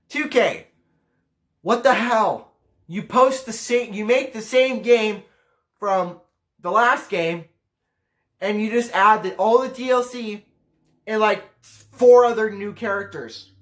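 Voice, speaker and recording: A teenage boy vlogging a casual rant to camera, ranking pet peeves in a profane, exasperated way. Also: high-pitched. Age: teens.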